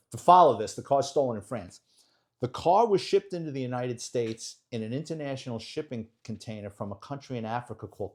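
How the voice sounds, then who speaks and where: A middle-aged man, a retired detective telling a story as an interview guest, in a blunt, animated, street-wise way. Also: medium pitch.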